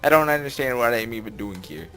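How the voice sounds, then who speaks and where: A man's voice: mid-range voice, lively intonation, fast, sharp tone, soft background music. A young man reading a visual novel aloud and commenting on it, rambling, with lots of filler words and laughs. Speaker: let's play narrator.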